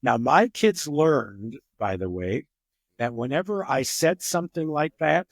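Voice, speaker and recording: An older man with a notably high voice speaks as a psychologist guest on a podcast. He explains his points with animated stories and acts out the people in them. The sound is dry and close. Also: a little slow, dry recording. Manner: animated storyteller who acts out examples. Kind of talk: podcast interview.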